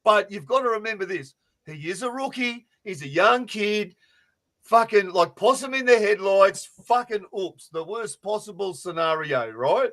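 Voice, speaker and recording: A man co-hosting a fantasy sports podcast, telling stories in a loud, sweary, animated way over a remote call. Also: sits high, normal speed. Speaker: podcast co-host.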